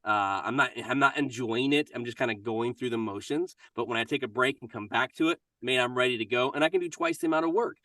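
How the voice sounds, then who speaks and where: Man, middle-aged, interview guest, energetic casual talk, bright voice, dry sound. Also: mid-range voice, fast, hardly any pauses, no echo, far from the mic. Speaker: voice actor and minister.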